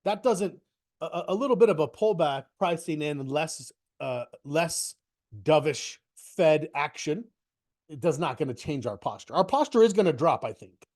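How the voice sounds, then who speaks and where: A middle-aged man with a slightly high voice hosts a live trading webinar over his computer mic, sounding stuffy from a cold. He rambles in a chatty way, doubling back on his words as he goes. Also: animated, normal speed, a little mellow. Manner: rambling, self-correcting, chatty. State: stuffy with a cold, occasional cough. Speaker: host of a market webinar. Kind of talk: casual live webinar talk.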